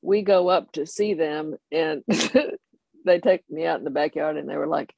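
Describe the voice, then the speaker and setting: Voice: medium pitch, measured pace, gravelly, no room sound. Older storyteller recounting a family anecdote. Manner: animated, laughing anecdote telling. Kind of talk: oral history storytelling.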